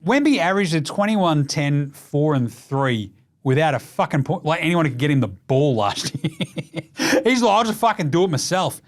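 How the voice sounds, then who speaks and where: Australian male host, slightly high voice, blunt and profane, casual sports rant. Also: big pitch swings, moderate pace. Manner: gets loud and high when ranting. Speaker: basketball show host.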